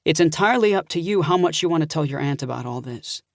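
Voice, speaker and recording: A man's voice: on the high side, lively intonation, fast, vocal fry, no room sound, studio quality. A man doing a firm young woman leader. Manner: firm and organized. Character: calm decisive young woman, group leader.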